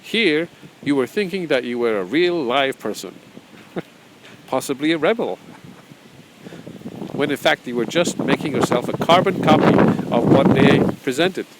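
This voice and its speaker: A man's voice: medium pitch, expressive, unhurried, pauses often, slight background noise, poor audio. A man as a spiritual teacher, talking casually and rambling through his own book, repeating phrases and chuckling often.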